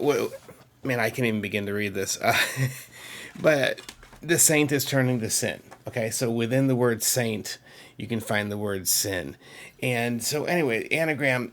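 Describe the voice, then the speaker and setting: With slight background noise behind him, a middle-aged Massachusetts man speaks in a mid-range, fairly bright voice. He rambles eagerly to camera about his music collection, frequently breaking off to talk to viewers.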